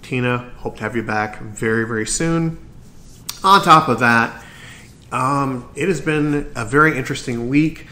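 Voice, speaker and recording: A man's voice: medium pitch, a little slow, bright, forceful tone. A man hosting his own podcast, talking earnestly and encouragingly, sometimes tripping over his words. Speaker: podcast host. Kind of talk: solo podcast talk.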